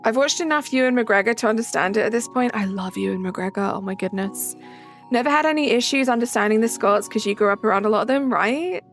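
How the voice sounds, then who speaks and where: A woman's voice: a little high, fast talker, soft background music. A young woman streaming a game, chatting casually and answering chat messages aloud.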